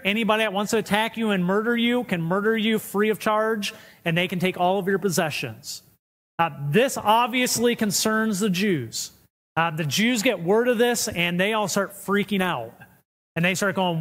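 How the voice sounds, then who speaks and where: High-voiced pastor preaching in a reverberant church. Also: male voice, moderate pace, a bit bright. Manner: retells scripture in casual paraphrase. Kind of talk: sermon.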